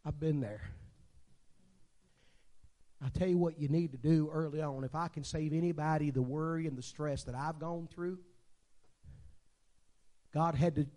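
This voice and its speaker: A man in his sixties preaching a sermon as a guest preacher, telling stories and swinging between quiet talk and shouting. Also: fairly high pitch.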